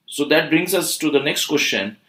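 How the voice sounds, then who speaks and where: A man's voice: a little high, lively intonation, normal speed, pushed and bright, reverberant. A man hosting an English-learning podcast, asking his guest upbeat questions. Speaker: podcast host and institute founder.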